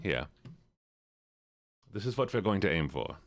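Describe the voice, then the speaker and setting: A man's voice: low voice, very animated, unhurried. A man streaming live, chatting casually and teasingly with his viewers. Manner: playful, teasing, talks straight to chat.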